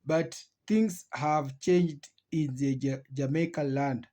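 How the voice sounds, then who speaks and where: A man with a fairly high voice speaks slowly as a reaction host, circling back to repeat each point. His delivery is steady and unhurried. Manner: slow, repetitive, restating points. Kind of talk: reaction commentary.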